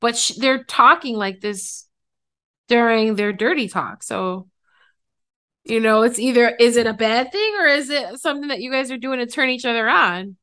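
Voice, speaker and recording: Bright clear woman, skeptical co-host. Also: on the high side, expressive, normal speed. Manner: skeptical, asks follow-up questions. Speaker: podcast co-host. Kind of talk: casual true crime chat.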